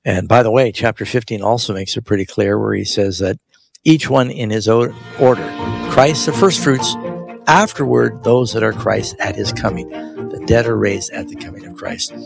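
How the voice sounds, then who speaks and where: Gravelly-voiced pastor hosting call-in radio. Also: male voice, fairly low pitch, moderate pace, soft background music. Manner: animated, reads verses aloud with emphasis. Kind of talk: explaining scripture on live radio.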